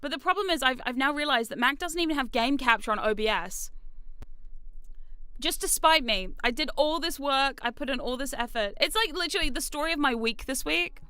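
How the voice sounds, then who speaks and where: New woman streamer, high-ish crisp voice, rambly and self-deprecating, dry close sound. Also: animated, brisk, bright, forceful tone, no echo. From New Zealand. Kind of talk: casual stream chat. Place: home streaming room.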